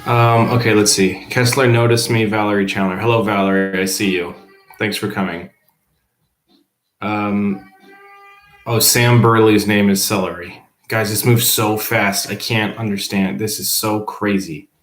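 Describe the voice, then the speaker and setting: A man's voice: fairly low pitch, steady tone, a little slow. A male teacher on a casual livestream at home, reading viewer comments aloud and answering them offhandedly. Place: at home, below the baby's room. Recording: roomy echo.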